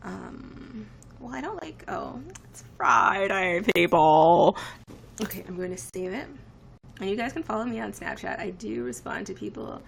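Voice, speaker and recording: A woman's voice: mid-range voice, very animated, a little slow, creaky. A woman in her twenties chatting casually on a live stream, rambling and reacting to viewer comments. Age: 20s. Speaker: livestreamer.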